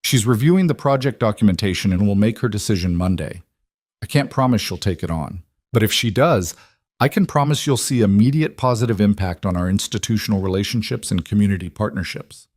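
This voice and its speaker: A man voicing a contrite businessman who keeps his voice steady and even. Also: lowish voice, brisk, dry recording, studio quality. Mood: steady contrition. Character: contrite businessman husband, middle-aged, steady.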